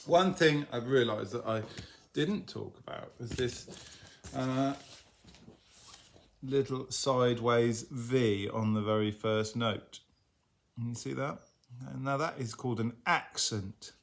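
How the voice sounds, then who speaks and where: A man's voice: medium pitch, slow, creaky, slight background noise. A man teaching a violin piece, explaining things patiently in a mid-range voice. He often breaks into singing bits of the melody on nonsense syllables before going back to plain explanation. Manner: relaxed and explanatory, often sings phrases of the tune on nonsense syllables. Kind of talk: instructional lesson video.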